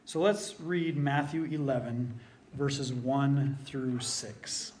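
A man's voice: mid-range voice, slow, a little mellow, a little hiss or hum. A middle-aged man preaching a conversational sermon, telling personal stories in an earnest, folksy way with self-deprecating asides. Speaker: pastor.

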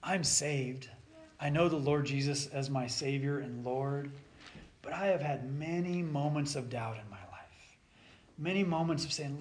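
A man preaching a sermon, swinging between loud urging and soft near-whispered passages. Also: fairly high pitch, a little slow, a little hiss or hum.

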